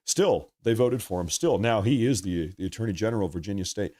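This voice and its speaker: A man's voice: lowish voice, expressive, brisk, darkish tone. A young man hosting a live political stream, ranting in a heated, rambling way and reading from the chat. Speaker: political livestream host.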